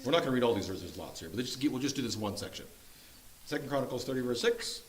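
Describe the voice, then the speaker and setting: A man's voice: mid-range voice, lively intonation, fast, a little hiss or hum. A man leading a church Bible study group, teaching casually with jokes and playful sound effects.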